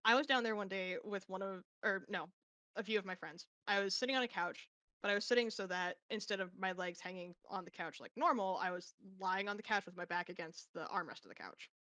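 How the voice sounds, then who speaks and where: A young adult woman, a podcast guest, telling a story in casual chat with lively, casually profane delivery. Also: mid-range voice, brisk, no echo.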